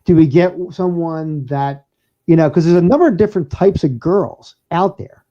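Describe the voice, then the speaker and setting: A man's voice: fairly high pitch, animated, normal speed. A man co-hosting a casual podcast, rambling through stories with frequent laughs and restarts. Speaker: podcast co-host and DJ. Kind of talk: casual banter. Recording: dull lo-fi sound.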